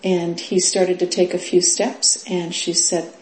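A middle-aged woman teaching as a Zen teacher in a dharma talk, unhurried, with many fillers and laughs. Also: on the low side, level tone, a little mellow. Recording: roomy echo.

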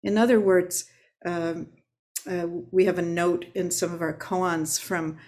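A woman Zen teacher giving a dharma talk, unhurried and reflective, pausing often on filler sounds. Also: fairly low pitch, steady tone, a little mellow.

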